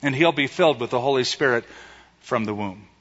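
A man's voice: mid-range voice, a little fast, a bit bright, husky. A preacher voicing a commanding male angel who delivers news in a raised, emphatic way. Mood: announcing. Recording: echoey hall, slightly dull sound.

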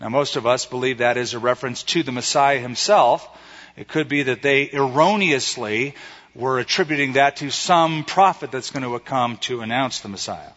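A male preacher giving a sermon in a conversational, animated way, retelling stories and acting out quotes. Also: mid-range voice, normal speed. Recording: echoey hall, slightly dull sound.

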